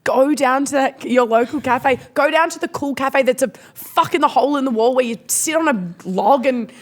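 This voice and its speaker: A young Australian woman co-hosting a comedy podcast, swearing freely and joking around. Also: high voice. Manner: sweary, joking, does quick character voices. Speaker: podcast co-host. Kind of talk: casual comedy podcast chat.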